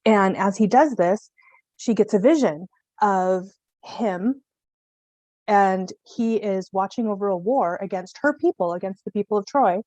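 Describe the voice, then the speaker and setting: A woman's voice: mid-range voice, unhurried, a little mellow, dry recording. A woman on a panel retelling a myth in a casual, jokey, slangy way, slipping into voices. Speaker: mythology panelist. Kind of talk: casual storytelling.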